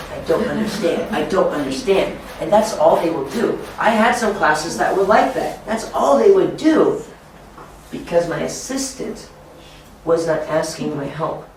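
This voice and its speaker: A man giving an ESL teacher-training session, speaking deliberately in simple phrases for learners. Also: high voice. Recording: echoey room from far off, faint noise.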